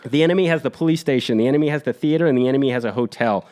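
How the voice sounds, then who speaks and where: A man on a podcast retelling a war story in an energetic, blunt, profane way. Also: medium pitch, very fast.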